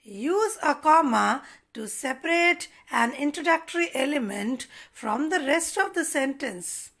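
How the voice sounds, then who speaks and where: A woman teacher, giving an online lesson to schoolchildren and explaining each point slowly and deliberately. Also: high-pitched, animated, a bit bright. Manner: slow, deliberate explaining to children.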